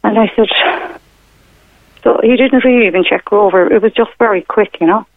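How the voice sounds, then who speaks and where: A woman's voice: medium pitch, a little fast, no echo. Woman caller on a tinny phone. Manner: rambling, hesitant, many fillers and retold quotes. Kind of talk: telling a personal story on a radio phone-in. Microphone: telephone.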